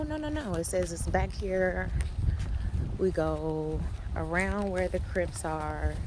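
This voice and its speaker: A woman's voice: lowish voice, noisy background. A woman giving a casual walking tour of a cemetery, talking to viewers through a handheld phone, chatty and apologizing for her cursing. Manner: chatty, apologizes for cursing, exclaims when startled. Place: outdoors in a windy cemetery. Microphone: handheld phone camera.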